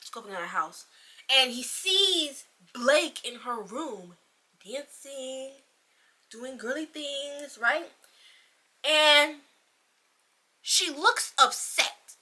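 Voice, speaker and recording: Bright, fiery woman ranting. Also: sits high. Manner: animated, profane, fast rambling. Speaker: book reviewer. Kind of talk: casual ranting book review.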